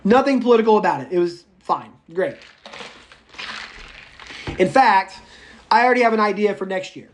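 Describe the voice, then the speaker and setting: A man's voice: sits high, expressive, moderate pace, long pauses. A man giving an informal recorded lecture as a college instructor, chatty and digressive, with frequent restarts and asides.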